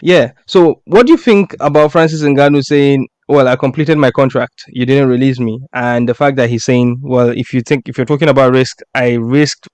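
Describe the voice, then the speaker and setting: Smooth-voiced man hosting a live stream. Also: medium pitch, fairly even intonation, normal speed, few pauses, darkish tone, no room sound. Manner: laughs often, reads tweets aloud. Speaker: podcast host. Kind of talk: casual live-stream chat.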